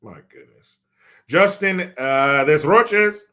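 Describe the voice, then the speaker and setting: A man's voice: on the high side, lively intonation, slow, bright, forceful tone. A man reading viewer comments on a live stream, joking, swearing and mock-outraged.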